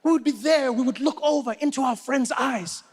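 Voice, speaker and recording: South African male stand-up: high voice, animated, punchy repetition. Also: normal speed, slightly rough. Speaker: stand-up comedian. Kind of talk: stand-up comedy set.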